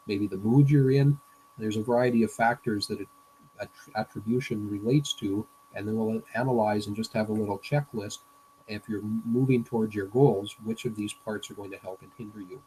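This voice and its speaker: A man's voice: fairly low pitch, mellow, a little hiss or hum, poor audio. A man, a business coach, giving a presentation lecture in a hesitant way, with frequent fillers and restarts.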